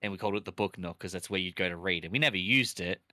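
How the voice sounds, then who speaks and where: Chatty young man streamer, low voice. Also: very fast, sharp tone, no echo, clean studio sound. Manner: chatty, laughs often, reads chat aloud. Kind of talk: casual live-stream chat.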